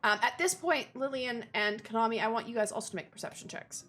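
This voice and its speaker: Brief: a young woman game master, higher voice, laid-back narration, faint music underneath. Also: quick pace, fairly bright tone. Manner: casual, rambling, with filler words.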